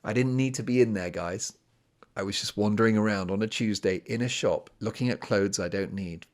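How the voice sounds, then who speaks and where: A slightly low-voiced man from Britain hosts a solo podcast in casual monologue. He rambles and mocks himself, drifting into asides and catching his thread again. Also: fairly quick, a little mellow. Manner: chatty, self-mocking, rambling with asides. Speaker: podcast host.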